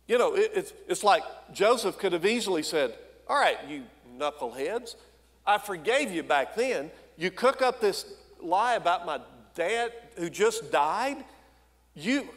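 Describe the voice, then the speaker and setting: Folksy preaching man in echoing church. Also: fairly high pitch. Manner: folksy, conversational preaching with asides to the congregation. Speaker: senior pastor. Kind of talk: sermon. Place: church sanctuary.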